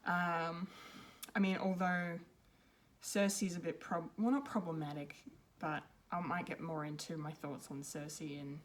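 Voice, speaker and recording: A woman's voice: sits low, fairly even intonation, a little slow. Rambling woman reviewing a film. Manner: rambling, hesitant, many ums and restarts. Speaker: pop culture reviewer.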